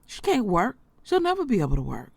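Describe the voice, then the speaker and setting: Woman vlogger, emphatic and profane, lively pitch, dry. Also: fairly quick, creaky, husky, dry recording. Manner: blunt, emphatic, swearing. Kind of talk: emotional commentary.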